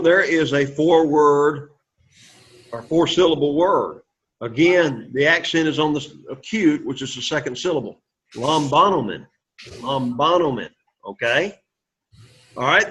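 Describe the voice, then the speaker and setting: A man's voice: on the high side, lively intonation, fairly bright tone. Man teaching a class, muffled. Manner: coaxing, repeats words slowly for pronunciation. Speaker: Greek teacher. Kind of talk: classroom lesson.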